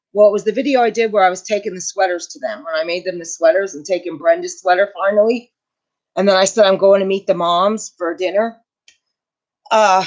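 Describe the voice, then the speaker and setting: A middle-aged woman hosting a casual livestream, telling a family story with emotion and indignation and answering viewer comments. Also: on the low side. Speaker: channel host. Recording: dull lo-fi home recording.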